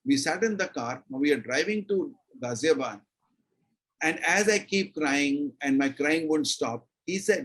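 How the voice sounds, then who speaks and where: An older man with an Indian English accent, a retired army officer telling a personal story as an interview guest in an animated, emphatic way. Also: a little high, unhurried, rough recording. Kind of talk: storytelling in a conversation.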